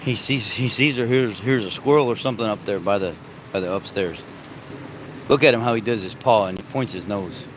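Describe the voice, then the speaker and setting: Man, lowish voice, casual livestream chat, narrating his dogs, outdoors on a phone, faint background noise. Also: fairly quick. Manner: chatty, narrates his dogs, baby-talks to them. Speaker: livestream host.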